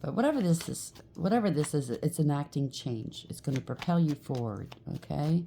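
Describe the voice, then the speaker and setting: A woman's voice: deep voice, lively intonation, normal speed, vocal fry, background noise. A woman giving a casual tarot reading, chatty and reassuring, often checking in with "okay?" and "right?". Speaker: tarot reader.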